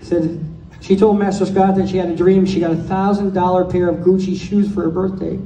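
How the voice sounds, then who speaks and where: A man's voice: high-pitched, little pitch movement, a little fast, dark tone, a little hiss or hum. A man giving a joke-filled roast speech at a birthday party, firing off one-liner punchlines. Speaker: speaker giving a birthday toast. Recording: echoey hall, mic from far off.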